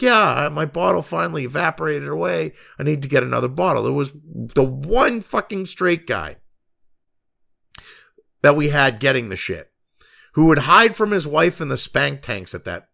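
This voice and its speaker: Somewhat high and a little bright with vocal fry, a middle-aged man hosts a commentary show, sarcastically and angrily ranting at the news and swearing throughout.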